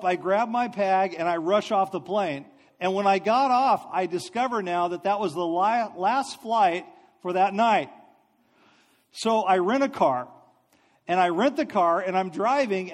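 A man preaching a sermon through animated, self-mocking storytelling. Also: sits high. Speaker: speaker. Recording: long hall reverb.

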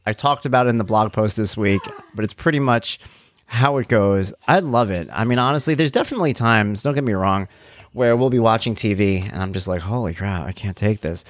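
A middle-aged man talks through a casual podcast monologue from home. His voice sits low and his delivery is easygoing and conversational, full of little asides. The sound is dry and close, with no room echo. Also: fairly quick. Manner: relaxed, conversational, chatty asides. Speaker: podcast host.

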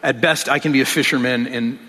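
A man's voice: medium pitch, fairly even intonation, a little fast, pushed and bright, slightly rough. A man preaching a sermon in a conversational way, often repeating words as he restarts and asking rhetorical questions. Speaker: pastor. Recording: long hall reverb.

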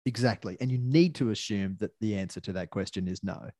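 A man's voice: lowish voice, a little fast, mellow, dry recording, clean studio sound. A man, co-hosting a podcast, talking things through in a thoughtful, opinionated way. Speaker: podcast co-host. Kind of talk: casual chat.

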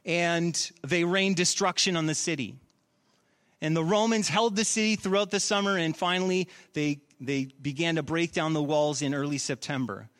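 Guy with a high voice giving a sermon, animated, says things twice for emphasis. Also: moderate pace. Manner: animated preaching, repeats phrases for emphasis. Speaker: pastor.

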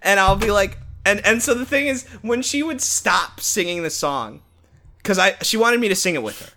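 A young man co-hosting a podcast in casual chat, animated, cursing often and laughing as he tells stories. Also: high voice, moderate pace, very noisy. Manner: animated, swearing, breaks into laughter. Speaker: podcast co-host.

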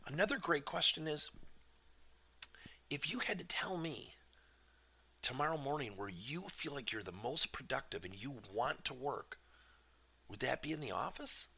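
Animated man with a gravelly, bright voice. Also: medium pitch, moderate pace, pauses often. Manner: animated, emphatic, asks many questions. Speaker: leadership coach. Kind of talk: motivational business talk.

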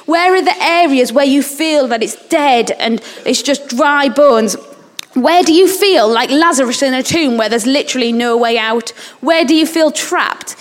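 A woman's voice: high voice, normal speed. A woman preaching a sermon, earnestly putting questions straight to her listeners. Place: church service. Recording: long hall reverb.

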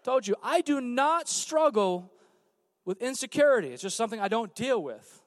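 A man preaching a sermon as pastor on a church stage, swinging from hushed, low passages to loud emphatic calls out to the congregation. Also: sing-song, normal speed, dry recording.

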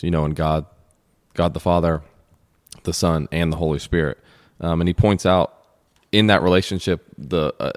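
A man co-hosting a podcast, speaking reflectively and personally about faith, with halting repeats. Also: low voice, dry recording, clean studio sound. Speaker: podcast co-host. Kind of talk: casual faith discussion.

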